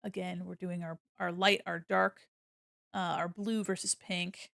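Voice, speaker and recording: A woman's voice: on the low side, flat delivery, a little slow, vocal fry, fairly bright tone, no echo, clean studio sound. A woman streaming her drawing session, chatting casually and giggling while she explains each step. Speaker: art streamer. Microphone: desk microphone.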